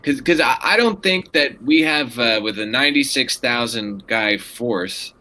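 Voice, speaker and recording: A man in a casual chat with a bright, sharp tone. He stumbles into his sentences, repeating words before he gets his point out. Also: medium pitch, animated, unhurried. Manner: stammering, repeats words when starting. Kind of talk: casual conversation.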